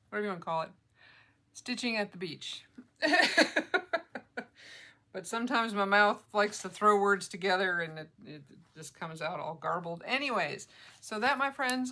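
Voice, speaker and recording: A woman's voice: medium pitch, bright, forceful tone. A middle-aged woman vlogging casually about her cross-stitch projects, chatty and joking, laughing often. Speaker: flosstube vlogger.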